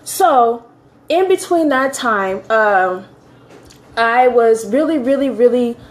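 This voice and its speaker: Woman telling her own testimony, earnest, kinda high voice, keeps repeating herself for emphasis, trying not to cry. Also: expressive, slow. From California. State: holding back tears. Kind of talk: personal testimony to camera.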